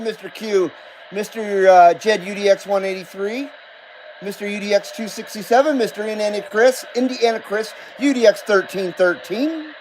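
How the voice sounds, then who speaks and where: A man's voice: sits high, darkish tone, slight background noise. A man hosting a casual livestream radio show from home, greeting callers in a chummy, laid-back way and swearing freely. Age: adult.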